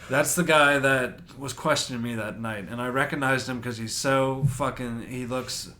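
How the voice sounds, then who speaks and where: A man's voice: medium pitch, fairly even intonation, normal speed, pushed and bright. A man co-hosting a podcast, telling a story in a loose, profane way and acting out other people's lines. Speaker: podcast co-host. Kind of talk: casual storytelling.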